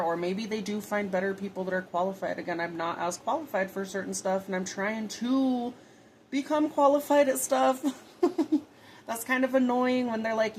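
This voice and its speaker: A woman's voice: mid-range voice, a little hiss or hum, poor audio. A young woman reading tarot casually, rambling and swearing freely with lots of fillers. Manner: chatty, profane, rambling with frequent fillers. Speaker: tarot reader.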